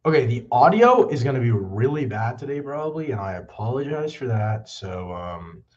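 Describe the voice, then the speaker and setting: A man's voice: medium pitch, very animated, normal speed. A young man hosting a movie news livestream, rambling and apologetic, a bit out of breath. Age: young adult. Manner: rambling, apologetic, self-deprecating. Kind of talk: casual livestream chat. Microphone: backup mic instead of usual one. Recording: dull lo-fi backup mic.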